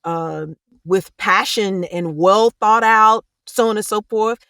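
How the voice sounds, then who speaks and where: A woman's voice: mid-range voice, slow, sharp tone, clear, resonant tone, dry recording. Woman, audiobook narrator, podcast guest, passionate, careful diction, dry close mic. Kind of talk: candid podcast conversation.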